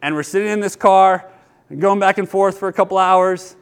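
High-voiced man preaching a sermon. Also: normal speed, smooth. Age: 30s. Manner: earnest, storytelling, lively with laughter. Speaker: pastor. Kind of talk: sermon with personal stories.

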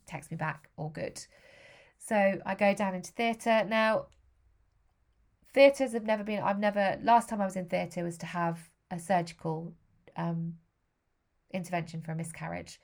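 A woman's voice: medium pitch, moderate pace. A middle-aged woman from Britain, candidly telling a personal story with feeling and acting out the voices of others.

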